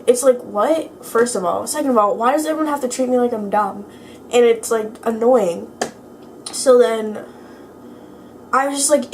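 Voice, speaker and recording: A teenage girl vlogging in a casual chat, her voice lowered by illness, rambling and filling her speech with "like". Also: moderate pace, a little mellow, a little hiss or hum. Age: teens. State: sick, voice lower than usual.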